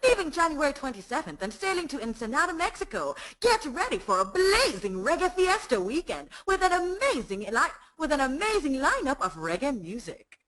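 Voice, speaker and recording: A woman's voice: high voice, big pitch swings, brisk, few pauses, fairly bright tone, pitched above the performer's own voice, low-quality recording. A woman voicing an upbeat female Jamaican radio announcer reading a promo with a Jamaican accent. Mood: hyped.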